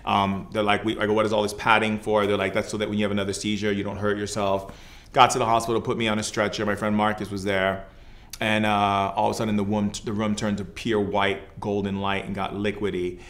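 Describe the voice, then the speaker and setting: Guy with a low, pretty monotone voice, shaman telling his story on a podcast, casual and rambly, gets quieter when it turns reflective. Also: a little fast. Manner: casual, loose, full of "like" and "you know". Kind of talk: personal storytelling in conversation.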